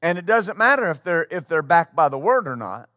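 A male pastor preaching a sermon to his congregation in a church, talking conversationally and then breaking into loud exclamations. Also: on the high side, big pitch swings, fairly quick, no room sound, studio quality. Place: church sanctuary before a congregation.

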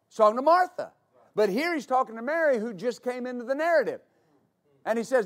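High-pitched man preaching a sermon. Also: lively intonation. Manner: explains slowly, then builds to shouting. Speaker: pastor.

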